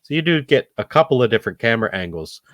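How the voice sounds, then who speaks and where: A man's voice: mid-range voice, big pitch swings, quick pace, fairly bright tone, no echo, muffled recording. A man co-hosting a casual film review podcast, rambling with lots of fillers and restarts. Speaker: podcast co-host.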